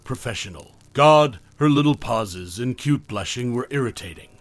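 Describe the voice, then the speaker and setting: Male storyteller, measured horror narration, dry close sound, mid pitch. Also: animated, no room sound, faint music behind.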